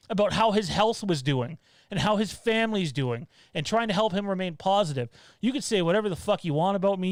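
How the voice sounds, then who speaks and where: A man's voice: high voice, clean tone, no echo. A man hosting a casual livestream from home, rambling and blunt, turning heated with swearing. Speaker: show host.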